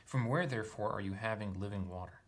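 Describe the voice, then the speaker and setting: A man reading aloud the lines of a questioning woman from a translated text, his pitch lifted a little. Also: fast talker. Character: Samaritan woman at the well, questioning and wary.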